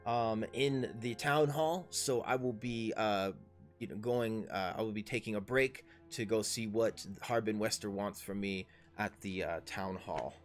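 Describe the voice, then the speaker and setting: A man's voice: on the low side, a little slow, faint music behind. A man running a tabletop game as dungeon master on a livestream, coaching his players in an instructive way.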